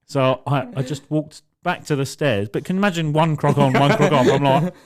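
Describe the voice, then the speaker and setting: A man's voice: on the high side, brisk, darkish tone. A young man co-hosting a podcast, telling a story in casual chat, swearing a lot and laughing as he goes. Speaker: podcast co-host.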